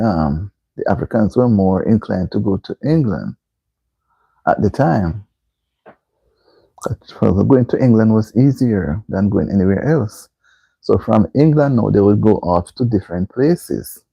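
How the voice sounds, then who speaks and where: A man's voice: medium pitch, vocal fry, dark tone, slightly rough, no echo, dull audio. A man hosting a casual live stream, reading viewer comments aloud and repeatedly asking people to like the stream. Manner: reads viewer comments aloud and keeps urging likes.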